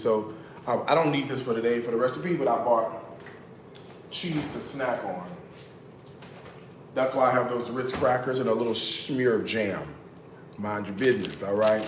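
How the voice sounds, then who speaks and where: Man cooking live, chatty and teasing, mid-pitched, roomy kitchen echo, faint room hum. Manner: chatty, teasing asides to viewers. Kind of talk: casual live-stream chat. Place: home kitchen.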